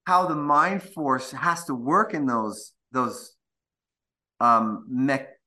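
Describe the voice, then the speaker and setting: A man's voice: medium pitch, animated, slow, pushed and bright. A man co-hosting a reflective spiritual chat, speaking earnestly and searching for his words. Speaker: co-host. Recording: roomy echo.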